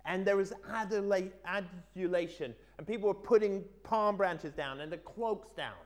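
Earnest male preacher, slightly high voice. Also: moderate pace. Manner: earnest storytelling, swinging between lively emphasis and quiet asides. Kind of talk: sermon.

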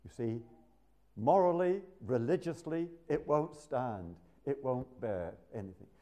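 A man's voice: medium pitch, expressive, unhurried, mellow. An older man preaching a sermon, asking rhetorical questions.

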